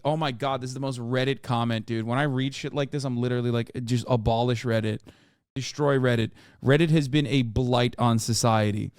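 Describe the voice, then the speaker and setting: A man's voice: mid-range voice, a little fast, clean tone, no room sound, clean studio sound. A man in his thirties streaming casual, profane reaction commentary, ranting and mocking in an exasperated way.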